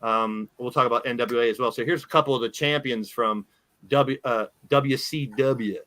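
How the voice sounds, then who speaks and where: Bright-voiced rambling male podcast host. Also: mid-range voice, normal speed. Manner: rambling, self-interrupting, laughs easily. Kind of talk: casual wrestling chat.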